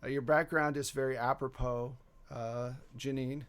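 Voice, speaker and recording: A man's voice: medium pitch, fairly even intonation, moderate pace, clean tone. A man narrating as game master of a tabletop horror game, joking and easygoing, with many fillers and laughs.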